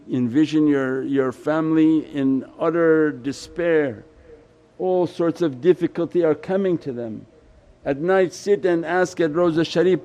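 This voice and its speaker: Male Sufi shaykh preaching a sermon: fairly high, mellow voice, impassioned and pleading. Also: muffled recording. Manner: impassioned, pleading, voice swells and drops.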